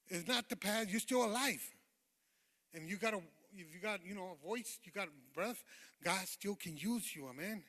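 A man's voice: high-pitched, moderate pace, sharp tone. A man giving a testimony sermon as a lay preacher, fervent and informal, calling out "amen" to the congregation in a church sanctuary. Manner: informal, rambling, with many fillers. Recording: long hall reverb in a church.

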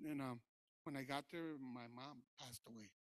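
A man preaching his personal testimony in church, talking informally with many fillers and moving between quiet recollection and loud preaching. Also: medium pitch, fairly even intonation, moderate pace, dry recording. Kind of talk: sermon testimony.

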